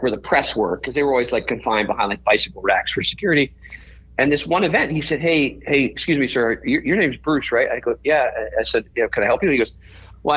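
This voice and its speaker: A man's voice: medium pitch, a bit bright, breathy edge, lo-fi sound. A man, a podcast guest, telling a story in a rambling way and often correcting himself mid-sentence.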